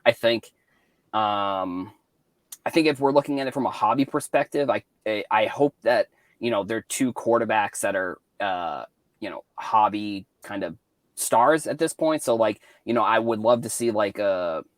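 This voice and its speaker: Low-voiced man with a light Boston accent. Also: moderate pace, no room sound. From Cape Cod, Massachusetts. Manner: rambling, many restarts and fillers. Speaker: podcast co-host. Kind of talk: casual sports and hobby chat.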